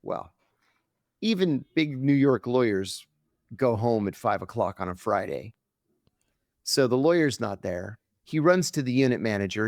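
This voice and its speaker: Male podcast guest, animated storyteller, lively and dramatic delivery, dry close sound. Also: medium pitch, moderate pace, no echo. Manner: dramatic, acts out quoted voices.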